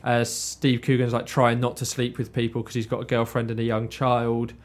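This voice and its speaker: A man, chatting as podcast co-host and telling stories in a relaxed, chatty way. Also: mid-range voice, moderate pace. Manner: chatty storyteller, often says like and obviously. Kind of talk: casual chat. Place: warm indoor room.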